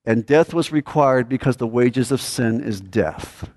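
A male pastor preaching a sermon, emphatic and repetitive, swinging from loud declarations to a hushed, earnest plea. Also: medium pitch, unhurried.

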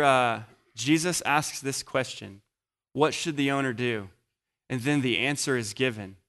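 A man preaching a sermon, swinging from loud emphasis to hushed pauses and sometimes searching aloud for passages. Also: mid-range voice. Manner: searching aloud with restarts while finding passages.

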